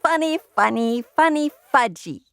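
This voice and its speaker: A woman voicing a repetitive, grabby toddler boy in high, squeaky baby talk for a children's audiobook. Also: animated, a little slow, gravelly, a bit bright, dry recording, studio quality, heavily acted. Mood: babbling.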